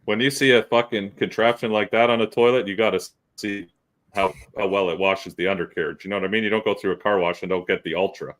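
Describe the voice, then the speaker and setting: A man's voice: on the low side, quick pace. A male podcast host, telling profane stories in casual chat. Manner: profane, animated storyteller.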